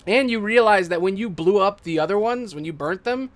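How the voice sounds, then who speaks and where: A man's voice: high voice, lively intonation, brisk. A man running a tabletop game as game master, narrating casually with swearing and fillers.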